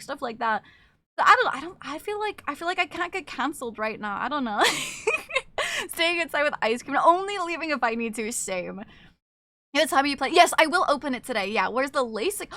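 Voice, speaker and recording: A woman's voice: sits high, bright, forceful tone, no echo. A young woman streamer chatting casually with her viewers, laughing often and swearing freely.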